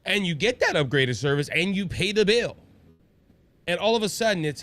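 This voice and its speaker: A man's voice: sits high, lively intonation, moderate pace, fairly bright tone, soft background music. A man hosting a casual political talk show from Louisiana, rambling and restarting often, reading viewer comments aloud. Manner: rambling, repeats himself and restarts. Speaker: podcast host.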